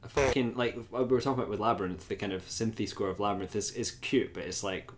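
A man co-hosting a casual podcast, blunt and sweary, quick to laugh. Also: fairly low pitch, steady tone, noisy background. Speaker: podcast co-host. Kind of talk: casual chat.

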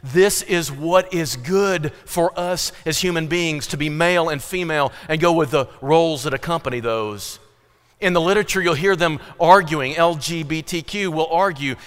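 A man with a high voice delivers a sermon, pressing his points with swells of emphasis before easing back down. His words ring out through a church sanctuary with a long, trailing reverb. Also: normal speed. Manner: emphatic preaching with rising and falling intensity. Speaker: pastor.

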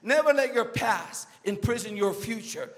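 A man's voice: high voice, animated, moderate pace, big-room sound. A man preaching a sermon as a guest speaker, emphatic and calling out to the congregation.

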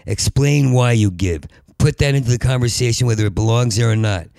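A man hosting a podcast in a rambling monologue, with a heavy stutter that repeats syllables, and at times rising to a loud urgent plea. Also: mid-range voice, brisk, vocal fry, no echo, studio quality. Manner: rises to loud urgent pleading. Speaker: podcast host.

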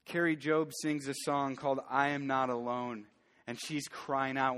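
A man's voice: medium pitch, little pitch movement, a little slow, a bit bright. A man preaching a sermon as pastor, earnest and building to fervent emphasis. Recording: long church hall reverb.

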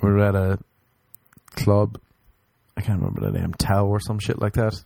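A man hosting a podcast, telling crude stories in a casual, joking way and mimicking other people in higher voices. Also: fairly even intonation, normal speed, gravelly, dark tone, no room sound. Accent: non-local, remarked on by others. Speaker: podcast host. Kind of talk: casual storytelling chat.

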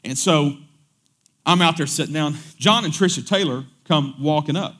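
A man with a somewhat high voice preaches in a loose, conversational storytelling style. He repeats words as he goes and slips into lively voices when he quotes others. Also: moderate pace. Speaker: pastor. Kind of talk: storytelling sermon.

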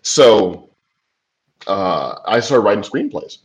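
Low-voiced man telling a chatty story. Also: expressive, takes it slowly. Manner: loose and chatty, many "like" and "you know" asides, laughs easily. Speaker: interview guest, screenwriter. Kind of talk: casual storytelling. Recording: dull lo-fi recording.

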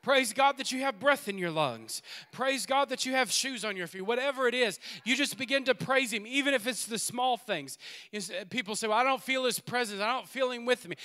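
A man preaching a sermon in a church, swinging between loud exhortation and quiet asides and laughing often. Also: extremely high pitch. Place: church sanctuary.

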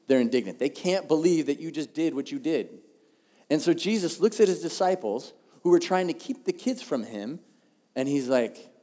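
A male pastor, preaching a sermon in a relaxed, conversational, humorous way. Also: mid-range voice, brisk. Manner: conversational, humorous, animated storytelling. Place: church auditorium. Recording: long hall reverb.

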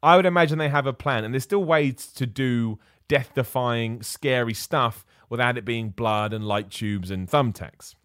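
A young man talks straight into the mic in a dead, dry room, giving his opinions with a casual live-stream looseness. He gets animated and heated when something annoys him. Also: medium pitch, moderate pace, hardly any pauses, dry recording. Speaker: wrestling show host answering viewer questions.

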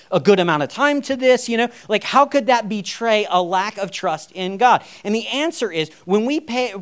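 A man with a fairly high voice preaches in an easy, chatty way. He drops wry jokes between his points. It sounds like a pastor talking to his congregation. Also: fairly bright tone. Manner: conversational, with wry humorous asides. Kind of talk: sermon.

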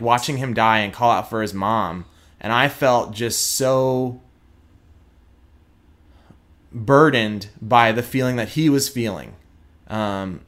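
A man's voice: mid-range voice, a bit bright. Earnest reflective man, interview guest. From Houston, Texas. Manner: earnest, reflective, with frequent fillers. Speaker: guest, prosecutor.

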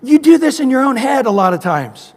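Male pastor, high pitch, emphatic preaching style, echoey hall with long reverb. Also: sing-song, a little fast, darkish tone. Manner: emphatic, repetitive preaching with scripture quotes. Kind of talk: sermon.

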